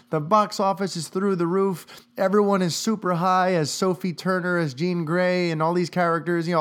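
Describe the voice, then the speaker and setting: A man hosting a podcast, talking casually and animatedly on his own, with many fillers. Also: sits high. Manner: animated, talkative, many "you know" fillers. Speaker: podcast host. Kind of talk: casual solo commentary.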